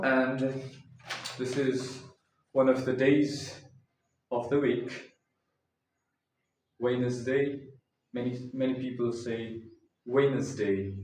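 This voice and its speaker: A man teaching English pronunciation, saying each word slowly and repeating it several times so the listener can copy him. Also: medium pitch, a little mellow. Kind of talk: slow, deliberate pronunciation lesson. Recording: echoey room, distant mic, faint hiss.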